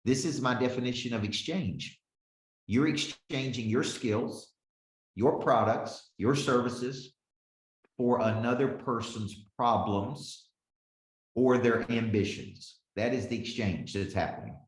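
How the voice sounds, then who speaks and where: A man's voice: medium pitch, takes it slowly, roomy sound. A man in his forties, a business coach teaching a live webinar with lots of energy, calling on listeners by name and often checking in with "okay?". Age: 40s.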